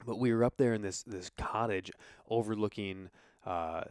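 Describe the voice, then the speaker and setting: A man's voice: on the low side, moderate pace, darkish tone, clean tone, no room sound. A man hosting a podcast, talking casually and upbeat, rambling with fillers into a close mic. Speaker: podcast host.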